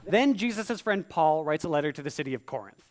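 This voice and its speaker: Man, stand-up comic, rhyming jokes, animated pitch, fairly high voice. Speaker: stand-up comedian. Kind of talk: stand-up comedy in rhyme. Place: live comedy stage. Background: audience laughter.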